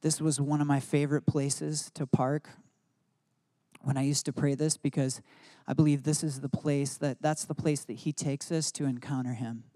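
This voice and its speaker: Middle-aged man, pastor, sermon, reflective and soft in prayerful parts, mellow voice, dry close sound. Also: fairly high pitch, little pitch movement, dry recording. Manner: reflective, slows and softens in devotional passages.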